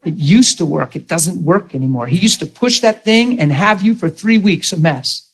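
A middle-aged man preaching with emphatic, storytelling energy. His voice sits a little higher than most men's. He calls on his listeners for an answer as he drives his point home. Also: animated, normal speed, rough recording. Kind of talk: sermon.

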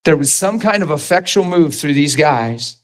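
A middle-aged pastor with a drawl, preaching in a somewhat high voice. He keeps it conversational, tossing questions and asides to the congregation as he builds his points with real energy. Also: animated, moderate pace. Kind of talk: sermon.

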